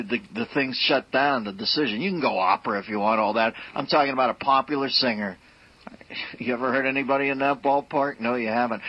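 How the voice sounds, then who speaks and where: Radio call-in host, male, wisecracking and rambling, husky, dull broadcast audio. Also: mid-range voice. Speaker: radio talk show host. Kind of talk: casual call-in radio banter.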